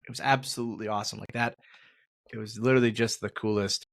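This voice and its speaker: A man's voice: fairly low pitch, fairly even intonation, fast, gravelly, a bit bright, no room sound, studio quality. A man, a former wrestler hosting a podcast, telling a story in rambling casual chat, repeating words and swearing casually.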